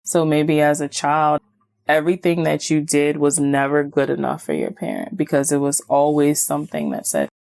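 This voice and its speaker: Low gravelly-voiced woman host. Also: moderate pace. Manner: animated, acts out quoted voices, many "like"s. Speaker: podcast host and certified hypnotist. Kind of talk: casual self-help talk.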